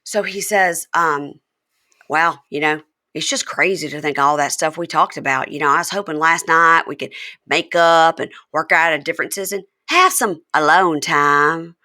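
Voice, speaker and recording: A woman hosting a casual reality-TV chat, bright and forward in tone. Her natural pitch is a touch low, but when she quotes people she jumps into big, animated put-on voices. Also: normal speed. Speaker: podcast host.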